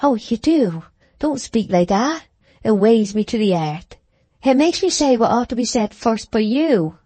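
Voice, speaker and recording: A woman's voice: a little high, sing-song, a little slow, dark tone, breathy edge, dry recording, voice pushed up, heavily acted. A woman voicing a timid young woman in an audiobook, speaking in a tremulous, faltering, pleading way. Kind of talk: audiobook character reading.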